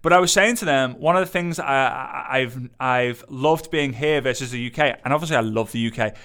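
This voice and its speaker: A man, coaching an audience in an energetic, emphatic way and repeating phrases for effect. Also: medium pitch, a little fast, clear, resonant tone. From Liverpool, England. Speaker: business coach. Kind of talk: motivational teaching to camera.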